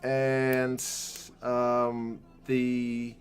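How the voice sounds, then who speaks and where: Brief: male rugby host of average pitch spinning a loose, self-deprecating anecdote, chuckling through it. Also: completely flat delivery, extremely slow. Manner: rambling, self-mocking anecdote with frequent laughs. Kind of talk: casual storytelling during a watch-along.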